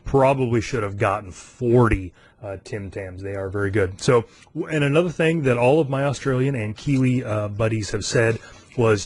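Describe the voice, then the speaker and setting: A man in his forties from the United States hosts his podcast alone, chatting casually and amusing himself. His voice sits in an ordinary middle range, and he loosens up with frequent fillers and quick chuckles. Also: mid-range voice. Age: 40s. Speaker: podcast host. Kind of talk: casual solo podcast chat.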